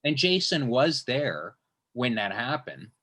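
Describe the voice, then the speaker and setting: A man's voice: mid-range voice, big pitch swings, takes it slowly, bright, forceful tone. A man hosting an interview, telling a long casual story as a stand-up comedian, rambling with many restarts and swearing freely.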